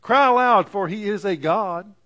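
A man voicing a mocking male prophet who taunts rival priests in a loud, scornful way. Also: high voice, lively intonation, measured pace, voice pushed up, heavily acted. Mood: taunting.

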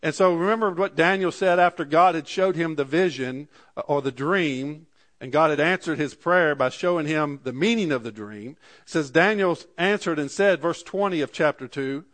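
A man preaching a sermon, reading scripture slowly and dropping his voice for asides. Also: fairly bright tone. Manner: slows and rises for scripture readings, drops low for asides; archaic scripture readings, repeated "Amen". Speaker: pastor.

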